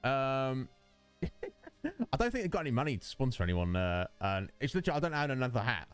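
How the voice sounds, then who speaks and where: A man's voice: medium pitch, very animated, fairly quick, smooth, soft background music. A man chatting with viewers while streaming a game, rambling and joking, answering chat by name. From United Kingdom. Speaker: Twitch streamer. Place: home streaming setup. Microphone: studio dynamic microphone.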